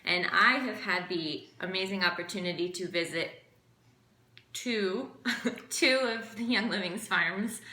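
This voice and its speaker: A woman teaching an impromptu class in a casual chatty way, full of fillers and quick asides. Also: mid-range voice, sharp tone, roomy sound. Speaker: essential oil class teacher. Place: room with background noise.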